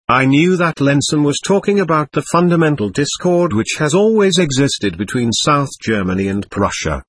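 A man's voice: on the high side, expressive, moderate pace, few pauses, husky, dry recording. A man narrating an audiobook in the first person, reading with expression.

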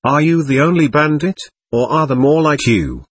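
Guy reading an angry politician yelling, husky, jumpy tone. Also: on the high side, expressive, normal speed, no room sound, recorded from a distance. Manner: alarmed shouting. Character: angry, suspicious male politician.

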